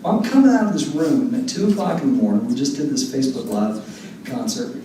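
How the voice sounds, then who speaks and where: A man's voice: mid-range voice, lively intonation, a little fast, dark tone, slight background noise. A man from Texas, chatting with a concert audience between songs and telling jokey stories. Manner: folksy, joking storyteller who leads audience singalongs. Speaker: singer-songwriter performing a concert. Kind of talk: stage banter between songs. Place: concert venue with a live audience. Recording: echoey room picked up from a distance, guitar playing.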